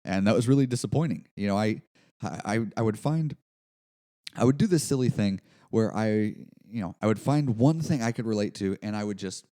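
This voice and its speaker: A man's voice: fairly low pitch, expressive, moderate pace, warm tone. A man hosting a business podcast, talking casually in a rambling, self-deprecating way with lots of fillers and restarts. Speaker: podcast host. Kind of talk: casual solo podcast monologue.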